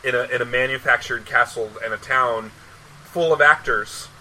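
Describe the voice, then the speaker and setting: A man's voice: medium pitch, moderate pace, pushed and bright, a little hiss or hum, low-quality recording. A man hosting a podcast, chatting casually and rambling, with many restarts and repeated words. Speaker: podcast host. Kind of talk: casual chat.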